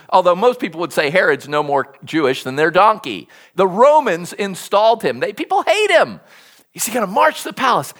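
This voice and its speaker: A preacher giving an animated sermon, telling the story with bursts of energy and repeating words as it builds. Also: medium pitch. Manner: animated storytelling with sudden hushed asides.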